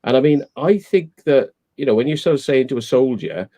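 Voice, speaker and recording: A man's voice: medium pitch, animated, brisk, warm tone. A man chatting casually on a live stream, ranting and swearing freely as he gives his opinions.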